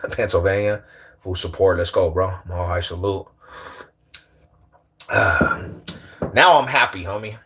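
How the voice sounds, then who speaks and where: A man hosting a casual livestream, talking slangy and animated, teasing and bantering with his chat. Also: sits low, slow pace, long pauses. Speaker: livestream host.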